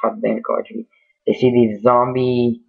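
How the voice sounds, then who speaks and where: A man tells a spooky war story off the cuff, rambling and restarting often. His voice is fairly flat and mid-pitched. The audio is tinny, like a phone line. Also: slow, gravelly, breathy edge. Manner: rambling, many fillers and restarts. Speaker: amateur storyteller. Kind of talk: casual improvised storytelling.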